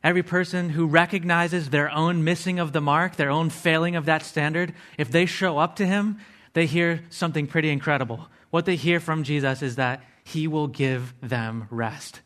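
A man's voice: fairly high pitch, fairly even intonation, normal speed, fairly bright tone. A man preaching a sermon, earnestly explaining word meanings step by step and adding casual asides to his listeners.

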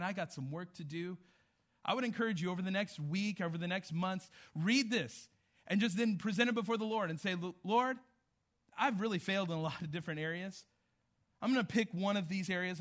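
Bright high-voiced male pastor preaching. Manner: conversational storytelling, animated retelling. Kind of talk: sermon.

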